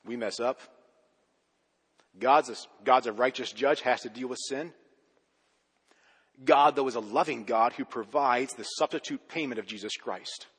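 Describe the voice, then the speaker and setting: A man preaching a sermon as pastor, pressing hard on key words and then dropping low and quiet at the ends of his points. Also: unhurried, long pauses, husky, in a large hall. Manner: emphatic, swinging between loud urgent stresses and low quiet endings.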